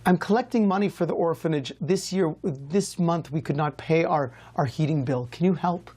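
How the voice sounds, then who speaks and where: A man's voice: fairly high pitch, normal speed, a little mellow, slightly rough. Brief: a man doing a chummy, persistent rabbi asking for donations, storytelling voice. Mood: pleading. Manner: chatty, overly friendly. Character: persistent male rabbi fundraising for orphans.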